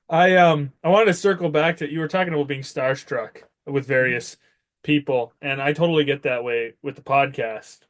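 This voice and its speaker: A man's voice: on the high side, moderate pace. A man hosting a podcast, chatting casually and eagerly with his guest and laughing along. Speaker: podcast host. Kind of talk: casual interview chat.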